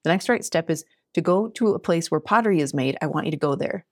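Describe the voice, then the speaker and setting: A woman's voice: deep voice, quick pace, no echo. Earnest woman teaching scripture, dry sound. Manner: earnest and animated, laughs often, acts out quotes. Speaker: podcast host teaching scripture. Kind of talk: casual scripture study talk.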